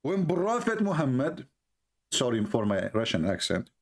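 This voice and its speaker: This livestream host speaks English as a second language, using a mid-range voice with huge swings in pitch and a moderate pace. He ridicules a played clip through repeated, sarcastic rhetorical questions.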